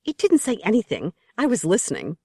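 A woman's voice: mid-range voice, huge pitch swings, brisk, gravelly, dark tone, slightly rough, no echo, clean studio sound, pitched above the performer's own voice, heavily acted. A woman voicing a scared, sullen young girl in an audiobook story, speaking plaintively. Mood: insistent.

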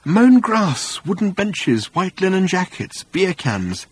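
A man's voice: a little high, sing-song, moderate pace, darkish tone, husky, pitched above the performer's own voice. A man reading an audiobook, voicing a bewildered, fussy middle-aged Englishman in a raised, plaintive voice. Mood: wistful. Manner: plaintive and fretful. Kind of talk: audiobook character voice.

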